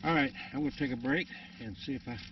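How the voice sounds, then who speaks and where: A man's voice: mid-range voice, fast talker, noisy background. A man rambling through a casual vlog outdoors, out of breath and full of fillers. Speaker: vlogger. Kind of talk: casual rambling walk-and-talk. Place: outdoors on wooded rural land. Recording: distant dull outdoor recording.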